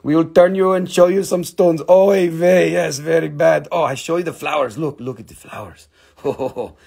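A man hosting a live-stream crystal sale, rambling and joking in a goofy, playful way with sudden shouts. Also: fairly high pitch, steady tone, normal speed, gravelly, slightly rough.

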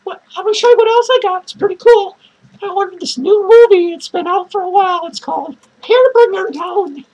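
In a comedic horror-movie review skit, a man plays a lonely, bitter, foul-mouthed female clown, rambling and swearing in a shrill falsetto and cackling between lines. The delivery is brisk, a little mellow and boastful. The audio sounds dull.

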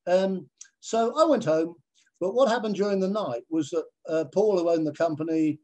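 A man, a television presenter, telling anecdotes in an animated way over a video call and acting out other people's voices. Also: high voice, moderate pace. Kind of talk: anecdotal storytelling in a conversation.

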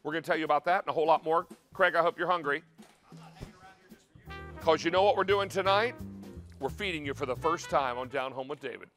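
A Southern American man hosts a shopping show with an enthusiastic, folksy delivery. His voice sits a little high for a man, and he slips easily into warm storytelling. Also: fairly quick, long pauses, soft background music. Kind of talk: upbeat home shopping presentation.

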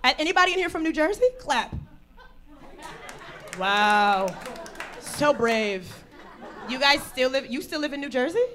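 Woman stand-up comic, brash and animated, high voice, faint crowd noise in the room. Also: unhurried, long pauses. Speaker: stand-up comedian. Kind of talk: stand-up comedy set. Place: live venue before an audience. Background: audience laughter.

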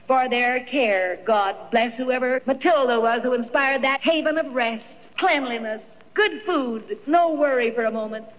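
A woman telling her life story as an emotional personal testimony, dramatic and quoting others in her own voice. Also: high voice. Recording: dull old archival recording in a reverberant hall.

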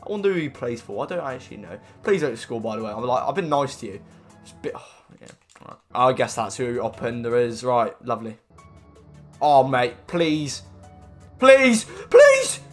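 Excitable young gamer shouting at play. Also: male voice, medium pitch, moderate pace, faint music behind. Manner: excitable, swears, shouts at the game. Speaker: gaming YouTuber. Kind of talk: live gameplay commentary.

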